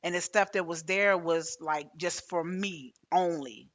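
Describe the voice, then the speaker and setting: A woman's voice: lowish voice, measured pace, fairly bright tone. A woman hosting a podcast interview, talking casually and hesitantly, with many restarts as she tells a personal story. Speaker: podcast host.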